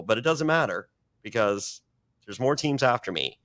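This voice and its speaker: A man's voice: mid-range voice, lively intonation, normal speed, sharp tone. A man telling a story on a podcast, rambling and swearing, acting out other people's lines as he goes. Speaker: guest telling stories.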